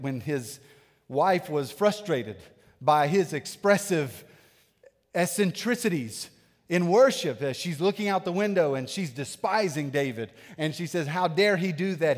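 Male pastor, 30s, high voice, animated sermon, church reverb. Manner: animated preaching, swinging from loud to hushed. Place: church sanctuary.

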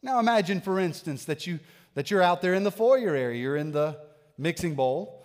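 A man in his thirties preaching a sermon as a pastor, animated, swinging between loud bursts and hushed asides. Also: high voice, moderate pace, in a large hall. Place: church sanctuary.

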